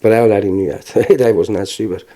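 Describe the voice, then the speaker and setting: A man's voice: lowish voice, fairly even intonation, quick pace, warm tone. A man in his forties with a Belfast accent, telling his own story in plain conversational speech with restarts and the odd wry laugh. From Northern Ireland. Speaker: interviewee. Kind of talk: personal testimony.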